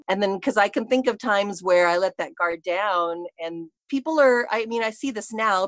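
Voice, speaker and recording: A woman's voice: fairly low pitch, dry recording. A middle-aged woman, a guest in a casual interview, telling personal stories in a chatty way, full of fillers and quoting herself.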